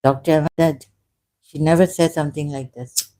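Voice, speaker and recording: A woman in her fifties telling her personal story, emotional and halting, rambling with restarts and self-corrections. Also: low-pitched, fairly even intonation, mellow. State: emotional, close to tears.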